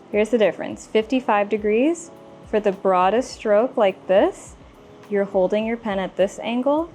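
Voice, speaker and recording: A woman's voice: medium pitch, a little mellow. A woman presenting for a stationery shop, casually explaining a pen demo step by step in a chatty, self-deprecating way. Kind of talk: casual product demonstration.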